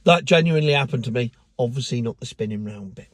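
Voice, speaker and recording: A man's voice: mid-range voice, animated, fast, no room sound. A man giving a sardonic, mocking rant in casual commentary, with the odd swear word. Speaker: car vlogger.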